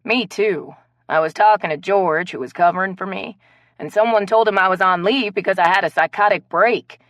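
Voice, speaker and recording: A woman narrator voicing an outspoken female friend talking loudly and indignantly on the phone in an audiobook. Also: mid-range voice, no room sound, lightly acted. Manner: loud, indignant, quick.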